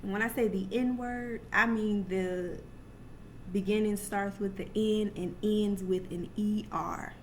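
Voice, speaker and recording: A woman's voice: mid-range voice, slow pace, a little hiss or hum. Chatty young woman telling a story. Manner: chatty and animated, full of asides and restarts. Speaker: vlogger. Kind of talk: casual personal storytelling.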